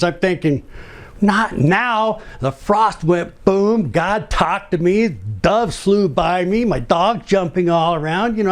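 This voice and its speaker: Man, personal testimony, earnest and rambling, somewhat high voice. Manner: earnest, rambling with frequent restarts and laughs. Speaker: ministry speaker sharing testimony.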